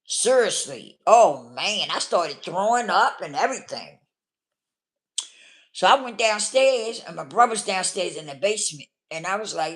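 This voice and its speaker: Woman telling her story straight, lively up-and-down voice, keeps saying you know. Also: lowish voice, moderate pace. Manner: blunt, casual, keeps checking in with the listener. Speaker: vlogger. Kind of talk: candid personal storytelling.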